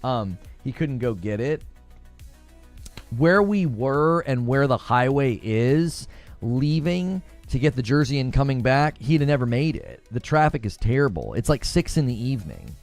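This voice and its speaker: A man hosting a podcast, chatting casually and telling a story with lively acted-out quotes. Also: medium pitch, unhurried, faint music behind. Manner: animated storyteller, acts out quotes. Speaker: podcast host and youth soccer coach. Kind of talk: casual chat.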